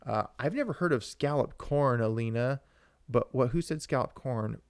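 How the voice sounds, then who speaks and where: Young male podcast co-host, excitable rambler, mid-pitched, dry close sound. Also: moderate pace, clear, resonant tone, dry recording. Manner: rambling and excitable, with frequent restarts and asides to viewers. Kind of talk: casual live-stream chat.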